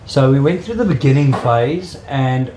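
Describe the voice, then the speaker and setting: A man's voice: mid-range voice, lively intonation, moderate pace, dark tone. South African man, earnest faith testimony, roomy echo, faint hiss. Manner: earnest, emotional storytelling. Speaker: interviewee. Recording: echoey room with faint ambient noise.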